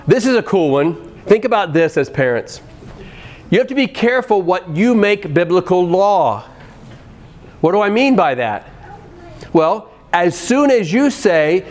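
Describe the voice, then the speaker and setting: A middle-aged man preaching an earnest sermon on parenting, with animated shifts in pace. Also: on the high side.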